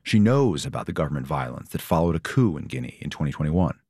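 A man reporting, reading a scripted story narration in a measured, steady way and interviewing guests. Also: a bass voice, husky, dry recording, clean studio sound. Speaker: reporter and host.

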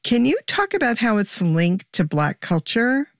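A woman's voice: fairly high pitch, sing-song, unhurried, no room sound, clean studio sound. A woman hosting an interview, asking curious and friendly questions. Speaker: interview host.

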